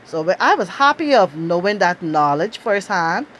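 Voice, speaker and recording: A middle-aged Bahamian woman with a Bahamian accent, telling a lively, outspoken story and laughing often. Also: moderate pace, slight background noise. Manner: animated, outspoken, laughs often, acts out quotes in high bursts. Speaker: travel storyteller. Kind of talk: casual storytelling.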